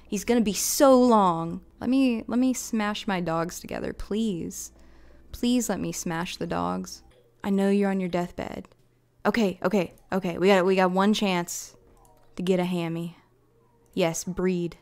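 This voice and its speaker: A woman streams a game in a loose, chatty way. She coos at her little virtual dogs and gets squealy with excitement. Her voice sits at an ordinary middle pitch. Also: measured pace, smooth. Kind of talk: casual gameplay streaming.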